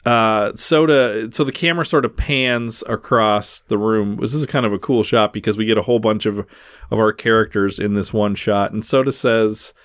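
A man's voice: on the low side, fairly even intonation, normal speed, a bit bright, no echo, studio quality. A man hosting a podcast, talking through a movie scene by scene in a casual way with lots of fillers. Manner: recaps scenes in detail, many fillers. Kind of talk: casual film discussion.

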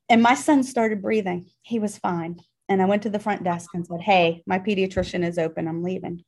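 A middle-aged woman from Pittsburgh, Pennsylvania, appears as an interview guest and shares a personal story in an earnest, emotional way. Her mid-range, darkish voice moves at a normal speed, full of ums and restarts.

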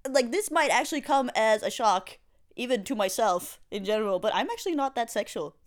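A woman's voice: a little high, animated, brisk. A woman in her twenties from Sweden, a comedian guest in a casual chat, giggling and swearing freely. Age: 20s.

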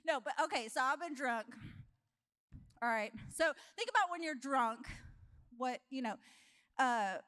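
A woman preacher with a high, bright voice delivers a lively, humorous sermon. She tells stories with animation, breaks into laughter often, and talks with the congregation as if chatting with friends. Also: unhurried, pauses often. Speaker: guest preacher.

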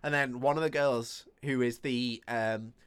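Guy recapping a movie on a podcast, middle pitch, chatty, laughs a lot. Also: fairly even intonation, a little slow, a bit bright, clean tone. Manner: laughing, retelling the plot with acted quotes. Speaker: podcast co-host. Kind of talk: casual film recap chat.

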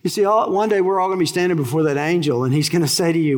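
A man's voice: fairly high pitch, fast talker, few pauses, in a large hall. A man with a Texan accent preaching a sermon. He speaks with emphasis, asking the congregation questions and then answering them himself. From Texas. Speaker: pastor.

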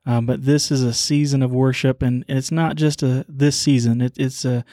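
A man co-hosting a podcast, giving casual closing remarks in a halting way, full of fillers and restarts. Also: mid-range voice, steady tone, warm tone, no echo, studio quality. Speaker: podcast co-host.

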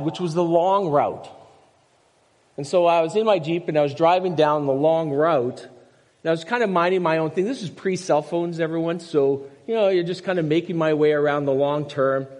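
Older pastor in a reverberant church. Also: male voice, on the high side, normal speed, darkish tone. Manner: storytelling with asides and rhetorical questions. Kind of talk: conversational sermon. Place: church sanctuary. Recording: long reverb of a church hall.

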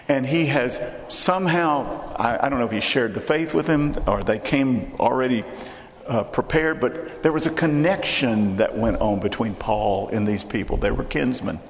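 A man's voice: mid-range voice, slight background noise. Man, Texan accent, sermon, conversational, restarts phrases, reverberant hall. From Texas. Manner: conversational, repeats words and restarts. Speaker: preacher.

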